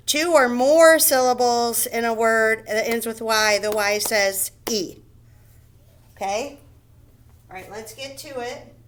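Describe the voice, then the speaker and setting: Slow, patient first grade teacher woman. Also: fairly high pitch, a bit bright, a little hiss or hum, rough recording. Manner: slow, deliberate, repeats words and sounds them out. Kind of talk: phonics lesson for young children.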